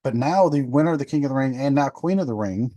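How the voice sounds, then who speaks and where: A man's voice: mid-range voice, animated, fast talker, dark tone, dry recording. A man of fifty hosting a podcast, talking loosely in a rambling, chatty way, with many ums and restarts. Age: 50s. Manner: rambling, chatty, self-correcting with many fillers. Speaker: podcast host. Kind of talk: casual solo podcast review.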